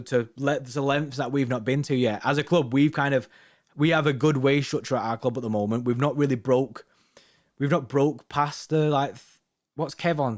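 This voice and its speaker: A man co-hosting a football fan show, chatting casually and rambling with slang and restarts. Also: medium pitch. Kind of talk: casual chat reading viewer comments.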